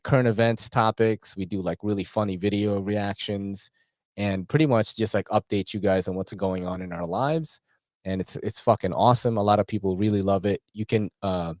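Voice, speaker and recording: A man hosts a loose, casual chat, his voice sitting a little low. He talks in slang, swears freely and leans on fillers. The sound is dry and close to the mic. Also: a little mellow, no echo. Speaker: host.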